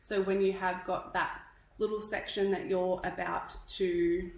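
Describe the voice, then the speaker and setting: Her lowish voice comes across flat and unhurried, captured in a roomy space on poor audio. The speaker is an Australian woman teaching hairstyling in a live tutorial, chatty, instructive and a little winded, regularly checking in with "okay?" as a hairdressing educator.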